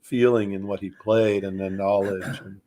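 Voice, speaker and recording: A man in a casual chat on a video call, enthusiastic and quick to agree. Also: sits low, little pitch movement, warm tone. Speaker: guest musician.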